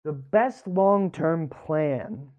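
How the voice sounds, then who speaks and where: A man co-hosts a casual sports chat and thinks aloud, hesitating as he weighs his options. He talks slowly. His audio is dull and lo-fi. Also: a little high. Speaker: co-host.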